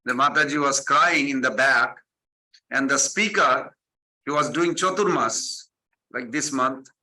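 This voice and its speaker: Bright-voiced man giving a devotional talk. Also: medium pitch, rough recording. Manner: animated storytelling, acting out quotes, repetitive phrasing. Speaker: spiritual teacher. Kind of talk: devotional sermon with stories.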